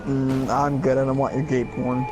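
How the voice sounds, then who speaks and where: A man's voice: mid-range voice, flat delivery, normal speed, rough recording. Blunt joking young man, music beneath. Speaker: gamer friend. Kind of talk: casual chat while gaming.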